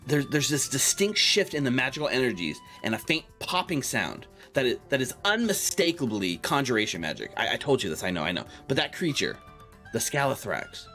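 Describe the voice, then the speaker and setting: A man voicing a sweaty, red-haired male wizard who is out of breath, awkward at parties and stammering with excitement. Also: mid-range voice.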